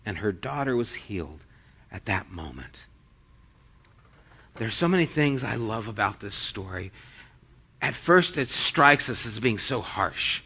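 A man's voice: fairly low pitch, lively intonation, measured pace, long pauses, bright, forceful tone, slightly rough, dull audio. A man preaching a sermon as pastor, reading scripture aloud and then retelling it in plain everyday speech.

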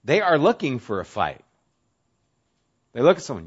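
A male pastor preaching a sermon in a casual, conversational way, sometimes dropping to a soft, low voice for emphasis. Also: huge pitch swings, normal speed, long pauses, breathy edge. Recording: dull lo-fi audio.

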